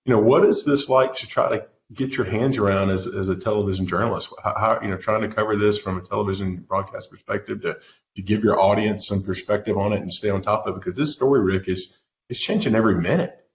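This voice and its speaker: A man's voice: fairly low pitch, fast, a little hiss or hum. A man hosting a casual interview, asking long rambling questions full of fillers from a home setup. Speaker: show host. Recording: roomy dull lo-fi audio.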